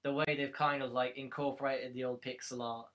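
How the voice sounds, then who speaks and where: A young man co-hosting a casual podcast chat. He is chatty, makes quick asides and laughs often. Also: mid-range voice, flat delivery, fairly bright tone. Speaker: podcast co-host.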